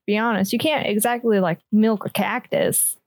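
A woman's voice: mid-range voice, fairly even intonation, moderate pace, no room sound. A woman playing a tabletop role-playing game, chatting in character in a casual, hesitant way with restarts. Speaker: player.

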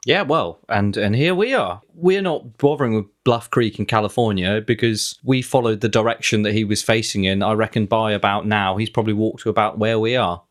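A man's voice: on the low side, fairly quick, few pauses. A man co-hosting a comedy podcast, joking playfully and backpedalling in banter. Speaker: podcast co-host.

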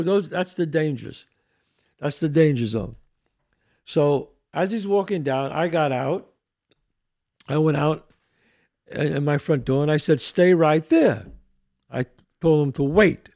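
Gravelly animated older man storyteller. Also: on the high side. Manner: streetwise, animated storytelling with frequent asides. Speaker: podcast host. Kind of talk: casual storytelling monologue.

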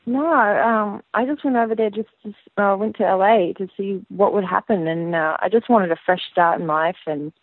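Australian woman singer on a tinny phone line, rambling and relaxed, dry sound. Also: medium pitch, normal speed, hardly any pauses, dry recording. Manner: relaxed and rambling, many fillers and restarts. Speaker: band singer, guest. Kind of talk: casual interview chat.

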